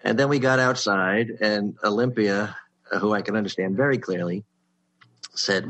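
Here a sitcom writer in middle age tells show-business tales in casual conversation, animatedly impersonating the people he quotes. His voice is lowish and his pace normal. The low-quality recording has no room sound.

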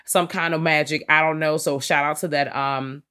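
A woman's voice: low-pitched, fairly even intonation, moderate pace, bright, forceful tone, clean tone. A woman co-hosting a casual horror movie chat, sassy and slangy. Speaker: podcast co-host.

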